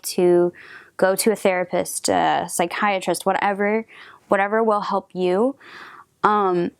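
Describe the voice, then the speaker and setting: A woman giving a gentle tarot reading, talking softly with hesitant restarts and frequent drops into a whisper. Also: medium pitch, no echo, clean studio sound. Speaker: tarot reader.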